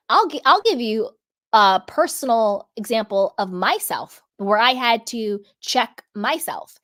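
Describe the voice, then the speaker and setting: A woman hosting a reality TV commentary vlog, speaking earnestly and candidly and stretching out the words she wants to stress. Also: on the high side. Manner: candid, personal storytelling. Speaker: vlog host.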